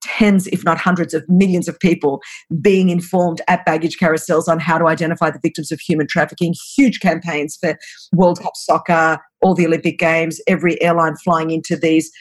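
A woman's voice: sits low, flat delivery, a little fast. Brief: earnest, urgent woman in her fifties, interview storytelling, stresses phrases by repeating them. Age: 50s. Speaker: anti-trafficking ministry leader.

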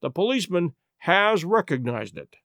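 A man's voice: high voice, very animated, fairly bright tone, dry recording, clean studio sound, full character voice. A man reading a commanding Victorian detective. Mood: firm. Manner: firm, measured, brisk when urgent. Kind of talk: audiobook reading.

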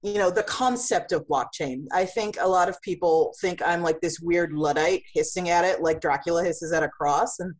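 A woman's voice: on the low side, moderate pace, hardly any pauses. A woman who runs a comics publishing company, answering in an interview with vivid analogies and frequent restarts.

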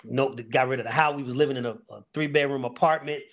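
Man, middle-aged, podcast guest, earnest storyteller, mid-pitched voice, casual talk. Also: steady tone, fast talker. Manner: earnest storyteller, faith-driven, with fillers and vivid retelling. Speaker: guest, security company owner.

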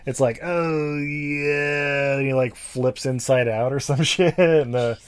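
A man's voice: medium pitch, measured pace, a little mellow. A man co-hosting a podcast, recapping a movie in a casual, rambling, profane way with lots of fillers. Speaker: podcast co-host.

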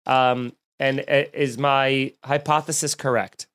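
A man's voice: mid-range voice, flat delivery, slow pace, a bit bright, smooth. Rambling, jokey man hosting a podcast. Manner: rambling, jokey storyteller with many restarts. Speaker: podcast host and comedian. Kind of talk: casual chat.

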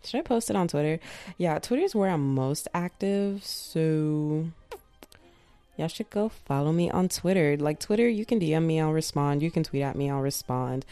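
Chatty young woman with a warm, low voice. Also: moderate pace, clear, resonant tone, dry recording, faint music behind. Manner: chatty, slangy, animated. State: feeling unwell. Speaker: podcast host. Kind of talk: casual chat.

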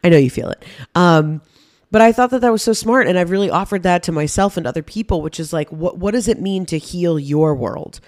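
A woman podcast host, heavily pregnant, reflecting out loud in a candid, casual way and swearing freely. Her voice sits fairly low for a woman. It is recorded close and dry, with no room around it. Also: fairly quick, no room sound. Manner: candid and conversational, swearing casually, many fillers.

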